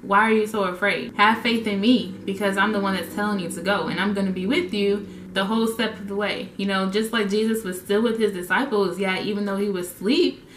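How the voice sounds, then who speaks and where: Woman, casual faith vlogger, animated storytelling, echoey room. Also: mid-range voice, brisk, slight background noise. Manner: playful, acts out scenes with funny voices. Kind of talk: casual devotional talk. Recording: roomy echo.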